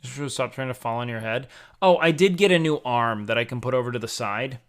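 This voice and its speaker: A man's voice: mid-range voice, brisk. Rambling, foul-mouthed young streamer guy. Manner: loose, profane, rambling with many fillers. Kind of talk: casual chat with live chat.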